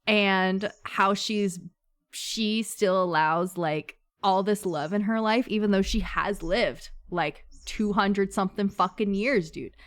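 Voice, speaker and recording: Woman, casual book club host, bubbly, laughs a lot, chatty. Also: mid-range voice. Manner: bubbly, laughs often, quick asides.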